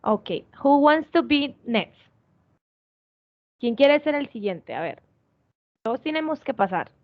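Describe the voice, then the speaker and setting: A woman's voice: sits high, expressive, moderate pace, dull audio. A woman teaching an online English class, encouraging her students and switching between English and Spanish. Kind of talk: bilingual online class instruction. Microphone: video call.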